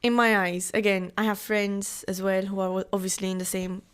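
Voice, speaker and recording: Young woman, Maltese English accent, smooth clear voice, chatty, lively asides. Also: mid-range voice. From Malta. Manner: chatty, animated, quick asides. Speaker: guest. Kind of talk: casual interview chat.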